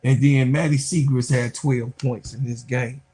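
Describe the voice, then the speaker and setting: A man hosting a sports podcast, giving excitable, loud, casual commentary and talking straight to his viewers. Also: medium pitch, measured pace, husky. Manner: excitable, loud, chatty, talks to viewers as y'all.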